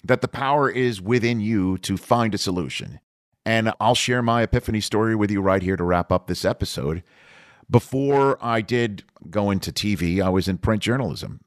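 Deep-voiced man hosting a podcast. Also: normal speed, no echo, clean studio sound. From Staten Island, New York. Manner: relaxed, rambling, with small restarts. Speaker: podcast host. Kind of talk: conversational podcast storytelling.

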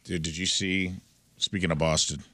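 A man co-hosting a morning radio show, joking around and now and then breaking into loud shouted bits. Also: deep voice, level tone, normal speed, no room sound. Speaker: radio co-host.

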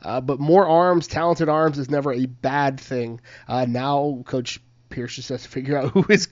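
A man co-hosting a casual sports podcast, giving measured, reflective commentary. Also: mid-range voice, fairly even intonation, no room sound. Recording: dry, dull lo-fi sound.

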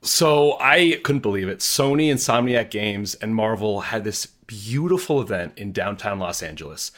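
A man as a podcast guest, excitedly telling about an event he attended. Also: on the low side, normal speed. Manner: excited storytelling. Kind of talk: recounting an event.

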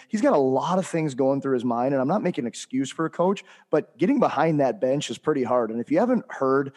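A man's voice: mid-range voice, expressive, a little fast, a little mellow. A man co-hosting a podcast, speaking emphatically and addressing listeners directly. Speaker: podcast co-host and hockey trainer. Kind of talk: casual podcast chat.

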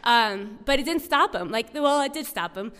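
A woman's voice: on the high side, animated, normal speed, a bit bright. A woman telling a personal story to an audience, in a chatty way full of "like" and "um". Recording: long reverb of a hall.

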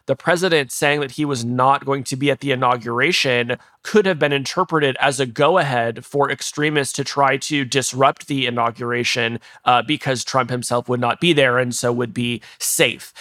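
A man, a tech journalist, explaining events in a measured way as an interview guest. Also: mid-range voice, sharp tone.

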